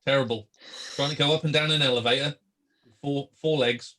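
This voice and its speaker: A man's voice: medium pitch, fairly even intonation, brisk, pushed and bright, natural voice. A man voicing a jolly Santa-like character who is now worried and earnest in a tabletop game.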